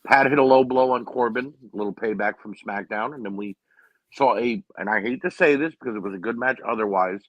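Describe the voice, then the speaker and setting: A man's voice: mid-range voice, brisk, no room sound, muffled recording. A man co-hosting a casual wrestling recap, opinionated and often saying "you know what I mean.". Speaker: podcast co-host.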